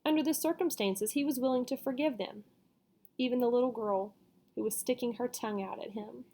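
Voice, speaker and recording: A woman's voice: fairly high pitch, a little fast, warm tone. Woman, storybook read-aloud, casual asides, plain voice. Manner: casual asides, self-corrections. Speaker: reader.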